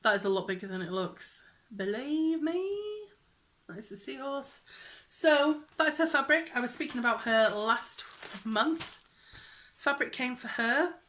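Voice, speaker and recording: Speaking at a moderate pace in a slightly high voice, a young cross-stitch vlogger rambles chattily and giggles through her craft vlog, slipping into whispers when she gets excited. Some faint background noise can be heard.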